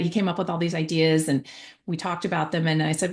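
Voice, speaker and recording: Speaking quickly in a steady tone on the low side, a female author in her forties shares a parenting story as a guest. Her storytelling is chatty and conversational, with lots of fillers and restarts.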